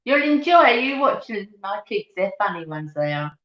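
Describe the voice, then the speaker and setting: A woman's voice: mid-range voice, sing-song, moderate pace. A middle-aged woman hosting a casual live chat, laughing often and greeting viewers by name. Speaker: live stream host. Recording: dull, roomy home recording.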